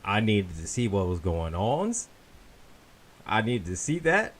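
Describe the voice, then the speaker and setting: A man co-hosting a casual talk show, telling a story in an animated, repetitive way. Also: fairly low pitch, unhurried. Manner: animated, repeats himself, lively storyteller. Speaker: podcast co-host.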